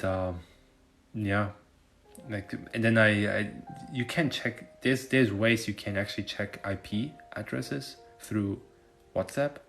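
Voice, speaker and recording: A man with a low voice talks in a loose, rambling way, with lots of fillers and casual swearing. Soft music plays behind him. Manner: loose, profane, filler-heavy storytelling. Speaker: finance content creator.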